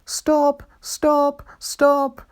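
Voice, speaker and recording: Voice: sits high, completely flat delivery, extremely slow, pitched above the performer's own voice. Reader doing wailing, sulky railway coaches. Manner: wailing and screaming, then meek. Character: rude, cross railway coaches, a group.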